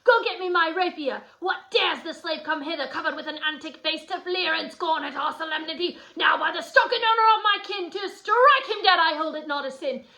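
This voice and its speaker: An angry, hot-headed young swordsman read aloud by a woman in her own bright, high voice. He snaps out threats in short, forceful bursts. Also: sing-song, unhurried, full character voice. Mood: furious.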